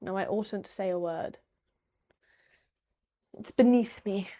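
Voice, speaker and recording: A woman's voice: mid-range voice, slow pace, mellow, natural voice. A woman putting on the voice of a haughty, prim, old-fashioned aristocrat who speaks with lofty disdain. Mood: disdainful. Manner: lofty, disdainful, archaic phrasing.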